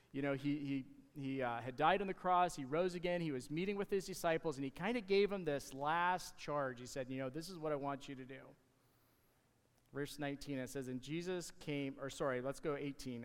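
A man in his thirties preaching a casual, conversational sermon as pastor, halting with restarts along the way. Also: a little high, smooth. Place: church sanctuary. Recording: long hall reverb.

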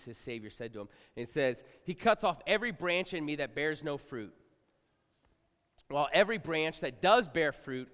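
A middle-aged male pastor preaching to a congregation, talking casually and swinging from quiet asides to loud outbursts. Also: medium pitch. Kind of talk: sermon. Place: large church hall. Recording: live sermon with long hall reverb.

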